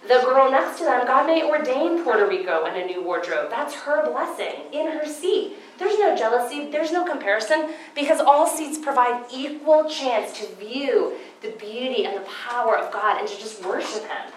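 A woman speaking at a Christian seminar in an echoey room, with a little noise in the background. She tells personal stories in an animated way and acts out what she once thought. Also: high voice, normal speed, few pauses. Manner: animated storytelling, acting out her own past thoughts. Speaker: conference speaker.

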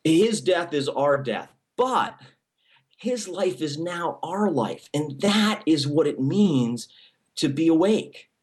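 A man's voice: fairly high pitch, animated, slow pace. A male pastor giving a sermon in a conversational style, with many restarts and frequent "okay?" check-ins to the congregation.

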